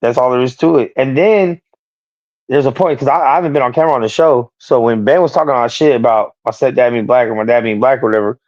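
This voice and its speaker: A man's voice: medium pitch, fast, darkish tone, no room sound. A man on a livestreamed boxing talk show, ranting profanely about a feud and raising his voice when he quotes others. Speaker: streamer co-host. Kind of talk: heated casual chat. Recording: dry, muffled stream audio.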